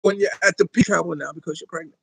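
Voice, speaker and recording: A man's voice: a little high, quick pace, vocal fry, bright, forceful tone, husky, no echo. A man hosting a music show, chatting casually between songs in a rambling way, full of fillers and little chuckles.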